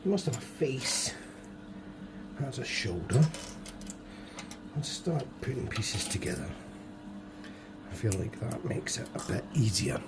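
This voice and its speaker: A man with a hoarse, fading voice, muttering to himself and joking at his own expense as he builds toy models. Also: mid-range voice, big pitch swings, a little slow, long pauses, heavy background noise. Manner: muttering to himself, self-deprecating. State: hoarse, voice going. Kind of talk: casual build commentary.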